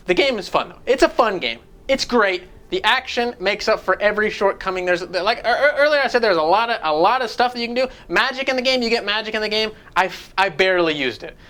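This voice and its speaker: A man's voice: high-pitched, animated, fairly quick, bright, forceful tone, clear, resonant tone. Guy rambling through a game review, swears a lot, jumps around. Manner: rambling, profane, jumps between points. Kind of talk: casual video game review.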